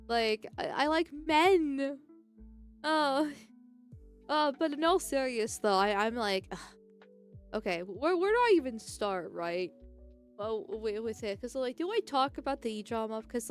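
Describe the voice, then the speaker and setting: A young woman chats on a live stream, rambling, restarting often, laughing, and reading chat messages aloud. Her voice is on the high side, expressive and clear, with a resonant tone and a measured pace. Faint music plays behind her.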